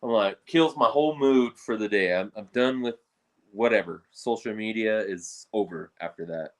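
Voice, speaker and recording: Podcast guest: a man with a low-pitched voice, breeder talk, exasperated and blunt, lots of restarts. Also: moderate pace. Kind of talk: casual podcast conversation.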